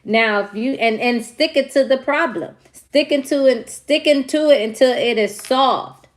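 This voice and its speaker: A woman's voice: high-pitched, unhurried. A young adult woman giving a casual tarot reading, stressing her points by repeating them. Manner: emphatic, repeats key phrases. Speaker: tarot reader.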